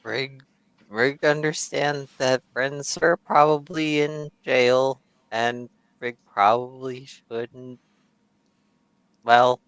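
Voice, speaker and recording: A man playing a tabletop game, talking deadpan about his character in the third person. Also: medium pitch, clear, resonant tone, no echo, low-quality recording. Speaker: player. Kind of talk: casual tabletop game chat.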